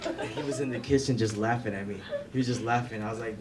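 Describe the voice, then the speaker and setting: A man's voice: medium pitch, fairly even intonation, fast talker, darkish tone. Guy telling a story at a memorial, keeps saying right, far from the mic, noisy. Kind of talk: informal memorial speech. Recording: distant mic with clear background noise.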